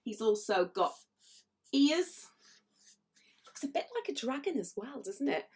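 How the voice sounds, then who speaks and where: A woman's voice: sits high, sing-song, measured pace, a little hiss or hum. Chatty lady doing a kids drawing lesson, bouncy voice, laughs a lot. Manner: chatty, playful, laughs often. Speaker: illustrator teaching drawing. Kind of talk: drawing tutorial for children.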